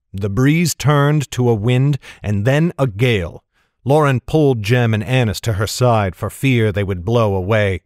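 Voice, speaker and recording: A man narrating a fantasy novel in a measured storytelling voice. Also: fairly low pitch, dry recording, clean studio sound. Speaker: audiobook narrator. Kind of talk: scripted narration.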